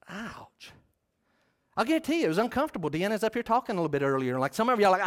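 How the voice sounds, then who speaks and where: Passionate pastor preaching emphatically. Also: male voice, high voice, big pitch swings, brisk. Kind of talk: sermon.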